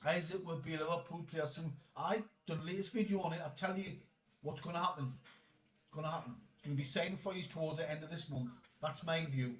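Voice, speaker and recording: Geordie man, football live-stream banter, laughing, high voice, echoey room. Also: fast talker, fairly bright tone. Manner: laughing banter, reading chat aloud. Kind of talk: casual live-stream chat.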